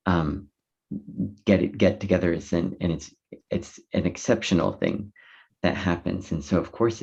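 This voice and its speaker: A man co-hosting a podcast, speaking haltingly with frequent fillers, on a dull lo-fi recording. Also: deep voice, creaky, darkish tone. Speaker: podcast co-host. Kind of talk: casual interview talk. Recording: dull lo-fi sound.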